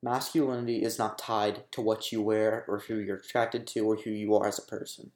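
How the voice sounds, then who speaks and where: A man's voice: on the low side, flat delivery, a little fast, a little mellow, roomy sound. A young man delivering a casual commentary rant, exasperated and sarcastic, swearing freely. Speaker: commentary YouTuber.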